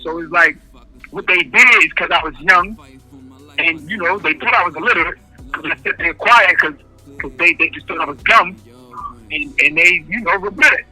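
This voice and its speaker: A man's voice: fairly high pitch, moderate pace, bright, forceful tone, slightly rough, faint music behind. A man speaking over a phone call from prison in an interview, talking emphatically and hammering his points home by repeating key phrases in casual street speech. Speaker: incarcerated interviewee. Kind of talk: impassioned interview answers.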